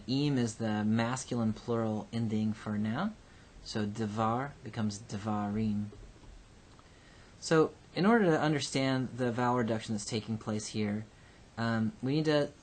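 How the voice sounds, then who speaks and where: A man teaching a recorded Hebrew grammar lesson. He explains patiently and slowly, with frequent ums and uhs. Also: medium pitch, a little hiss or hum. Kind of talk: recorded lecture.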